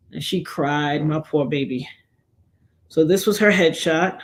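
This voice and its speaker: A middle-aged woman hosting a livestream, chatting casually and telling animated stories while acting out the voices she quotes. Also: low-pitched, unhurried. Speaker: livestream host. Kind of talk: casual storytelling chat.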